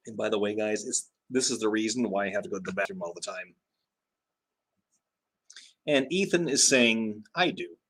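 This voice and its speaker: A man's voice: fairly low pitch, moderate pace, long pauses, a bit bright. Chatty man hosting a livestream. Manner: chatty, laughs often, many fillers. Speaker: livestream host. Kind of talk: casual livestream chat reading comments.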